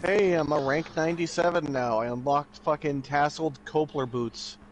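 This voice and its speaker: A man's voice: fairly high pitch, normal speed, slight background noise. A man joking around with friends while playing a game together. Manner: joking, hamming up villain lines. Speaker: guest player. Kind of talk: casual gaming chat.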